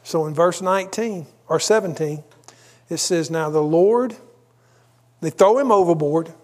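A man's voice: sits high, moderate pace. A man preaching a sermon, telling a story conversationally with asides. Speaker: pastor.

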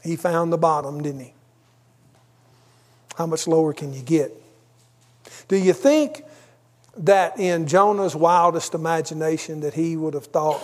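A man's voice: fairly high pitch, a little slow, pauses often. A man preaching a sermon, telling a story conversationally with asides. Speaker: pastor.

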